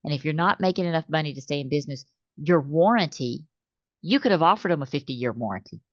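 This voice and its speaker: A woman, a business owner being interviewed, who talks in an animated way and acts out her customers' phone calls. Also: sits low, quick pace, no room sound. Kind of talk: conversational interview. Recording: slightly dull dry recording.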